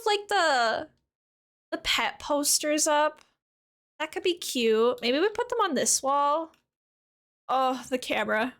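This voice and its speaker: Bright, bubbly woman streamer. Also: high voice, sing-song, measured pace. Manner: chatty and giggly, chatting with viewers. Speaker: game streamer. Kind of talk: casual live-stream chat while playing.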